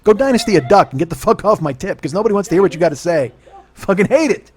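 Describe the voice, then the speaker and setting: A middle-aged man hosting a podcast, ranting in a loud, heavily profane comedic style and laughing at his own jokes. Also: high voice, expressive, quick pace. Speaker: podcast host.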